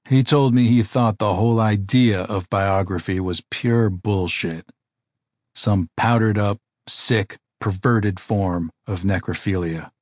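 A man narrating a nonfiction audiobook in a measured, even reading style. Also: fairly low pitch, no echo, studio quality.

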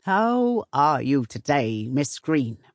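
A woman reader voicing a slight, courteous male banker and librarian who speaks in a soft, modulated, polite tone. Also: a little high, very animated, takes it slowly, dry recording, studio quality, exaggerated voice.

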